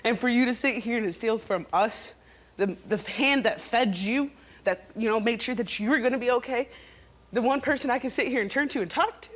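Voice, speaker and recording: A woman's voice: fairly high pitch, a little fast. Young woman guest, hurt and pleading, talk-show stage. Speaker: guest's daughter. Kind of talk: emotional plea. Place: TV studio stage.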